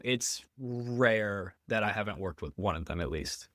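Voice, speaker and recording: A man's voice: lowish voice, brisk, hardly any pauses, a bit bright, no room sound, clean studio sound. A man chatting as a podcast guest, rambling and self-deprecating. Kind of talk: casual chat.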